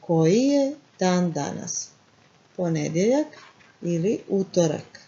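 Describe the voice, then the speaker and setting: A woman with a Montenegrin accent teaching a language lesson, repeating words slowly and quizzing the listener. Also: on the low side, big pitch swings, mellow, lo-fi sound.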